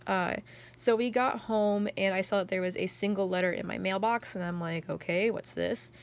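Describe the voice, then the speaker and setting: A woman's voice: medium pitch, unhurried. Rambly young woman, filler-heavy chat. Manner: excitable storyteller. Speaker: journal vlogger. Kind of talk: casual chat.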